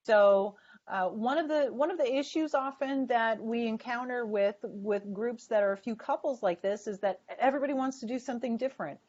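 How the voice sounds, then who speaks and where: A woman's voice: fairly high pitch, brisk, hardly any pauses, darkish tone. A woman leading a sales training webinar, stressing words in an emphatic coaching tone. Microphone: video call. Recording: dull lo-fi webinar audio.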